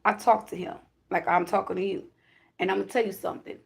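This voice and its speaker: A woman who calls herself a high priestess, delivering a channeled spiritual message to her viewers in emphatic, repetitive declarations with casual swearing. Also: fairly even intonation, fast, vocal fry. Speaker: self-described high priestess giving a spiritual reading.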